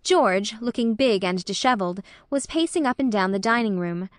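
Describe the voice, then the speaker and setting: A woman narrating a classic novel as an audiobook in a measured, expressive way. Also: medium pitch, dry recording, studio quality.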